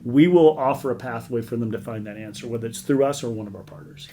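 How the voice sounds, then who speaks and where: A man's voice: mid-range voice, quick pace, mellow, a little hiss or hum. Veteran charity leader, middle-aged man, casual interview guest, earnest and rambling with repeated words.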